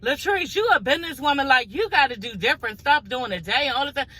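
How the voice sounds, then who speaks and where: A woman's voice: sits high, lively intonation, fast talker, sharp tone, low-quality recording. A woman recapping a reality show in a casual gossip vlog, blunt and profane, talking straight to her viewers.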